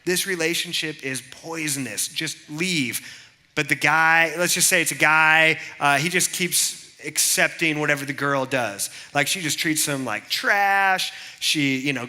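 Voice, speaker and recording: A man in his thirties preaches to a youth group in a loose, chatty way, full of personal stories. His voice is very bright and sits a little high, and he keeps calling out to the crowd for answers. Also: measured pace, few pauses. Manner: chatty, storytelling, calls on the audience. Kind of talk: casual youth sermon with stories.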